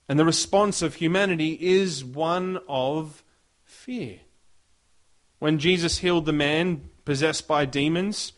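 Slow-speaking male preacher, raised pitch. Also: a bit bright. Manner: slow, reads scripture aloud with dramatic emphasis. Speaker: pastor. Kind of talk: sermon.

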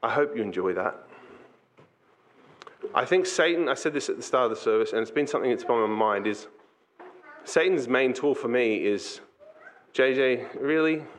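A man preaching a sermon as pastor, earnest and conversational, slipping into quick acted asides. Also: mid-range voice, lively intonation, slight background noise.

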